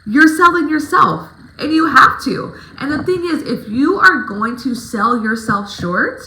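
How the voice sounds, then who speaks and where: A woman with a bright, forceful, fairly high voice gives a casual advice vlog, coaching fellow dancers in an emphatic, swear-laden pep-talk style. Her voice rings around an echoey room. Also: lively intonation, measured pace, a little hiss or hum. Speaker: stripper giving advice to other dancers.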